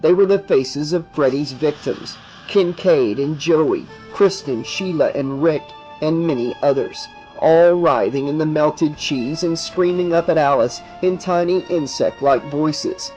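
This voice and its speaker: A man reading a horror audiobook aloud in a slow, expressive, dramatic manner. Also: fairly high pitch, faint music behind. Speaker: audiobook narrator.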